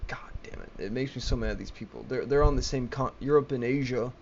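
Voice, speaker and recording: Ranting alone into a laptop webcam mic, a young man rambles in agitation, swears often, and keeps stumbling and restarting. His voice is medium-pitched, fast, gravelly, and a little mellow, with lo-fi audio carrying a bit of hiss or hum.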